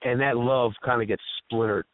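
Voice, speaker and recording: A man's voice: mid-range voice, fairly even intonation, moderate pace, no room sound, narrow, tinny audio. A man hosting casual radio talk, telling stories in an earnest, emotional, heartfelt way. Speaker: host.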